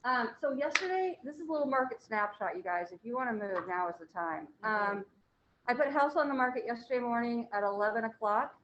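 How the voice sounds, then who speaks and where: Chatty realtor woman, higher voice, echoey meeting room. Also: fairly quick, dull audio, slight background noise. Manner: chatty, animated, joking. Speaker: real estate agent. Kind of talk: casual announcements.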